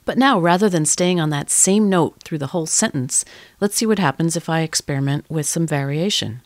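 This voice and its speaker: A woman teaching songwriting, explaining things in a relaxed, encouraging way and sometimes singing short example lines. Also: sits low, fairly quick, a little hiss or hum. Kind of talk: instructional lesson with sung examples.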